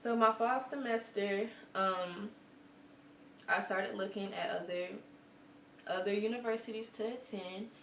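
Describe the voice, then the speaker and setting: A young woman recounts her own story to the camera in a chatty, earnest voice, slipping into little quoted asides. Her voice sits at a middle pitch. The room is echoey, with a faint hum in the background. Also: measured pace, a bit bright. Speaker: vlogger.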